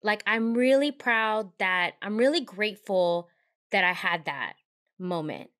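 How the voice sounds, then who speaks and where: A woman's voice: mid-range voice, a little slow, fairly bright tone. A woman with a mid-range voice talks through her thoughts on a podcast. She is candid and reflective, often restarting her sentences as she goes. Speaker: podcast co-host. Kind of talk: casual podcast conversation.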